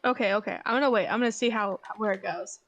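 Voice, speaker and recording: A young woman playing a tabletop game, blunt and excitable in casual chat. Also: mid-range voice, fast talker, muffled recording. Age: young adult. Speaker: player.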